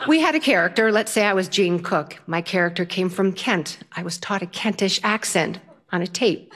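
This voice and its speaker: An older woman, a self-taught storyteller, telling a personal story in a lively, humorous way, her pitch jumping up for punchlines. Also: moderate pace. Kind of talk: personal story told to an audience.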